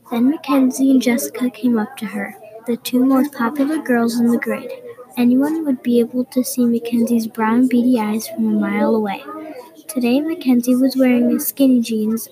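A female podcast host reading her own fiction story aloud, plainly, with some soft whispery stretches. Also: fairly high pitch, rough recording. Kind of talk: storybook narration.

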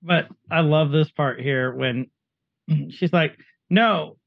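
A man co-hosts a casual podcast, chatting eagerly about scenes he loved in a movie. His voice is a touch higher than most men's. The sound is dry and somewhat dull. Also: fairly even intonation, takes it slowly, vocal fry, dry recording. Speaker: podcast co-host. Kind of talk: casual movie recap chat.

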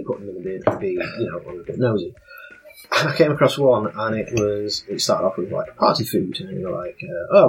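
A man telling an anecdote in casual chat as an animated storyteller. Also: fairly low pitch, a little hiss or hum, poor audio.

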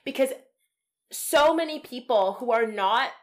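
Animated young woman podcaster, slightly high. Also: a little slow. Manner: animated, emotional, acts out quotes with swearing. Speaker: podcast co-host. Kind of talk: casual film discussion.

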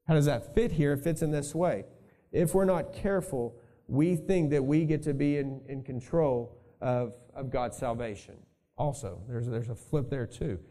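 Guy preaching to his church, chatty and thinking out loud, mellow warm voice. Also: medium pitch, normal speed. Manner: conversational, thinking aloud with asides. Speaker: pastor. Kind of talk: sermon.

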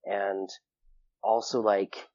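A man's voice: lowish voice, level tone, extremely slow, darkish tone, muffled recording. A young man, a guest in an interview, telling a personal story casually, full of fillers and acting out what others said. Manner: rambling, filler-heavy, acts out quoted people in a raised voice.

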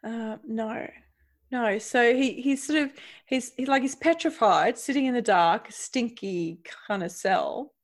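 Female co-host, chatty book talk, animated and quick to laugh. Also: on the high side. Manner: animated, laughs often, retells the story with feeling. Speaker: podcast co-host. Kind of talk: casual book discussion.

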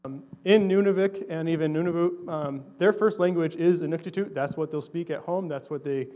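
Man, young adult, missionary talk, conversational, earnest, storytelling, slightly high pitch. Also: brisk, mellow. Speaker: missionary speaking to a church. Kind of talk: casual missionary talk to a congregation.

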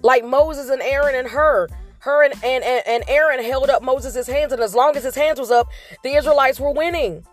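A woman's voice: sits high, moderate pace, soft background music. Earnest woman giving a pep talk. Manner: earnest, repetitive, encouraging. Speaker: motivational vlog host. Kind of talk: faith-based motivational talk.

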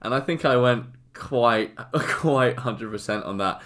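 A man's voice: mid-range voice, slow, a bit bright, slight background noise. A young English man co-hosting a podcast, chatting casually with a giggly, self-mocking manner. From England. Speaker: podcast co-host. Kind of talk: casual comic chat.

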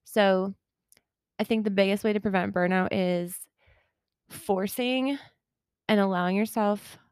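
A woman co-hosting a podcast, talking casually and quickly with lots of fillers. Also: mid-range voice, fairly even intonation, darkish tone, clean tone, dry recording, studio quality. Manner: chatty, quick, frequent fillers. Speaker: podcast co-host. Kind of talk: casual chat.

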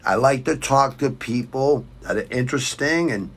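A middle-aged man with a thick Boston accent, talking in a loose, rambling rant. He swears constantly and speaks bluntly, at a medium pitch. He sounds like a podcast host reading live comments and going off on tangents. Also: moderate pace, a bit bright. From Southwest Quincy, Massachusetts. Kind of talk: casual profane podcast rant.

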